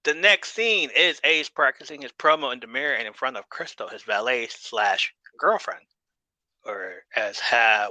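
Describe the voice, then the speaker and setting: A man's voice: medium pitch, pushed and bright, no room sound, poor audio. A man hosting a podcast, casually recapping a TV episode with jokes, laughs and swearing. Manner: joking, swears freely, laughs at the show. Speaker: podcast host.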